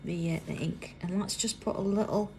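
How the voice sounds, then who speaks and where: A British woman hosting a live craft tutorial, chatting as she works and dropping to a soft whisper while she draws. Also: on the low side, fairly even intonation, normal speed, creaky, a little hiss or hum. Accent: British English. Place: busy indoor craft workroom.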